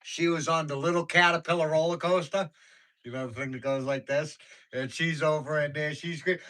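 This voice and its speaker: Forceful and bright, with a fairly high pitch, a steady tone, and a slightly fast pace, a man hosts a livestream where he chats casually, rambles through stories in slangy speech, and laughs often. The audio is poor.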